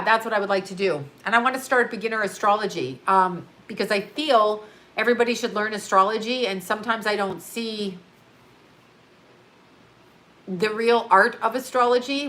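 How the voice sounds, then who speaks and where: A woman's voice: medium pitch, a bit bright. Tired, rambling woman livestreaming. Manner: rambling, blunt, swears freely. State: tired, yawning. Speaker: astrologer and livestream host. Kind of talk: casual livestream chat reading viewer comments. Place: her home studio.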